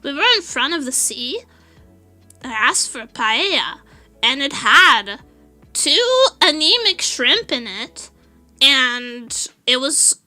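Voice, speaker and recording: A Portuguese woman streaming a casual chat, telling an animated story with frequent laughter and swearing. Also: sits high, slow, soft background music. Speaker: VTuber streamer.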